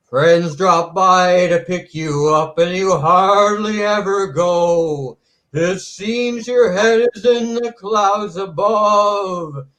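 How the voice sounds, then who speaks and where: A man doing an impression of an older male country singer, singing in a slow, deliberate way. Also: a little high, fairly bright tone. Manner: slow, deliberate sung delivery. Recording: roomy, away from the mic.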